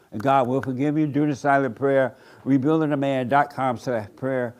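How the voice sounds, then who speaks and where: A man's voice: medium pitch, normal speed. A man preaching a sermon in a church room, blunt and repetitive, with rhetorical questions. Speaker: pastor.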